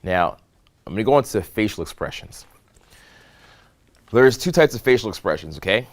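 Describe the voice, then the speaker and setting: In a live social skills seminar, a man whose voice sits fairly low coaches on dating and social interaction. His style is demonstrative and lively: he acts out scenarios and keeps tossing "okay?" and "right?" to the room.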